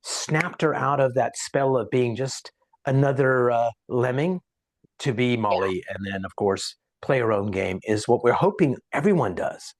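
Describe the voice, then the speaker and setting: A man who is a podcast guest, talking casually and telling an anecdote in a lively way, voicing the people in it. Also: medium pitch, measured pace, dry recording. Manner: animated anecdote-teller, acts out quotes. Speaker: podcast guest, sales coach. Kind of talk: casual storytelling in conversation.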